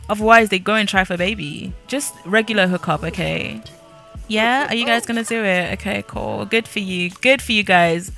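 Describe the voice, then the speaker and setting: A woman's voice: medium pitch, normal speed, creaky, pushed and bright, soft background music. A woman giving casual, sassy commentary while playing a life-sim game, chatty and nosy. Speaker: gaming creator.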